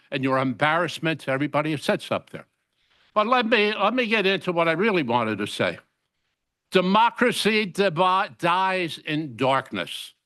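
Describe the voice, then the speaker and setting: An older man with a forceful, bright voice pitched a little high stands at the podium microphone in a council chamber. He delivers his public comment with indignation, driving each point home and repeating phrases for emphasis. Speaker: resident giving public comment.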